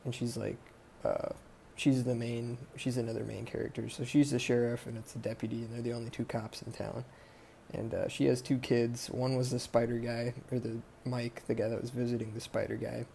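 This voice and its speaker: A man with a gravelly, dark voice retells a film for his podcast. He talks in a flat, even tone. He rambles, swears a lot and keeps drifting off the plot. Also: mid-range voice, a little fast, slight background noise. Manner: rambling, profane, sidetracked. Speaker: podcast host. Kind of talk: casual movie recap.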